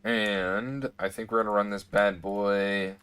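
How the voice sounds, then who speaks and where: With a fairly low, fairly bright voice that stays mostly flat in pitch, a man plays a computer game at an unhurried pace. This gaming streamer gives casual commentary, rambling, talking to himself, and hiccuping here and there. Slight background noise is audible.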